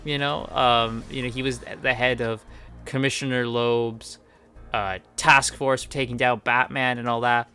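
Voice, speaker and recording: A man's voice: medium pitch, level tone, a little slow, pushed and bright, soft background music. A man giving casual, enthusiastic video game commentary, rambling with lots of fillers. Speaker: gaming video creator.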